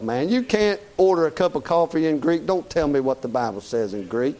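A man's voice: fairly high pitch, lively intonation, normal speed, a little mellow, rough recording. A man preaching a sermon to a congregation in a church, emphatic and folksy, firing off rhetorical questions and calling for amen.

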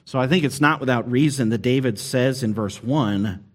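A man preaching a sermon as pastor, earnest and expressive, pushing key words up and slowing down to stress a point. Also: medium pitch.

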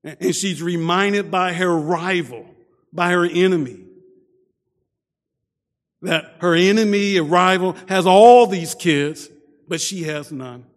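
A male preacher with a high voice speaks slowly and deliberately through a sermon. He often stumbles over his first words and sinks to a hush for emphasis. The sound carries the long reverb of a large hall. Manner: repeats words at starts, soft dramatic drops.

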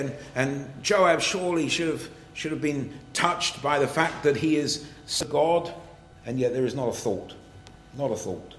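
A man with a fairly high, fairly bright voice delivers a sermon at normal speed, reading King James scripture and explaining it. He starts earnest and builds toward emphatic moments. The sound is roomy, with slight background noise.

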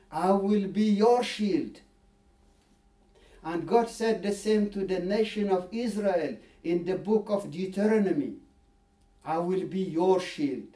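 A man's voice: sits high, warm tone, recorded from a distance. A man leading a Bible study, talking earnestly and emphatically, often repeating key phrases. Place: church hall. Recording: echoey hall, voice from off mic.

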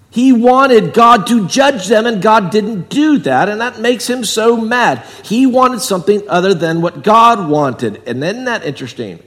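A man preaching a sermon in a chatty way, jumping from loud emphatic bursts down to quiet asides. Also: a little high, long reverb tail. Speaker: pastor.

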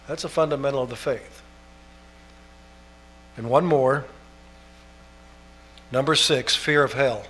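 A pastor preaching a sermon in an earnest way, building up to emphatic, almost shouted passages. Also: male voice, mid-range voice, unhurried, pauses often.

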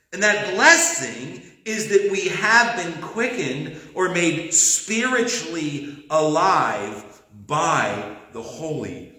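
Pastor, male, slow deliberate sermon delivery, bright tone, roomy church echo. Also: a little high. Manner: earnest, emphatic preaching with slow stresses.

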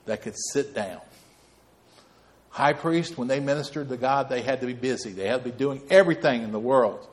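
Male pastor, easygoing folksy sermon delivery with chatty asides to the congregation. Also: medium pitch. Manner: folksy, rambling storyteller with asides.

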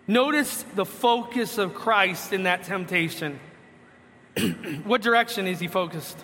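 A man's voice: sits high, unhurried, bright, forceful tone, big-room sound, a little hiss or hum. A man preaching a sermon as pastor, reading scripture aloud and asking the listeners questions that he answers himself.

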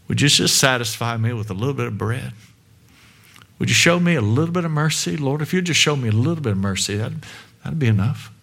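A man voicing a humble foreign woman who pleads for mercy in a soft, low, begging voice. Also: expressive, a little fast, creaky. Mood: pleading.

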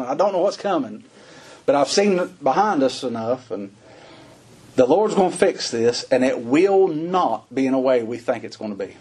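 Folksy male preacher with a husky voice and mid pitch, mid-sermon. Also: darkish tone. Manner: folksy, laughs between points, rises high for emphasis.

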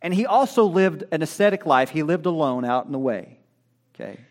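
A pastor delivers a sermon from his notes, speaking briskly with lively intonation. He swings between loud proclamations and quiet, low asides, keeping things folksy and conversational.

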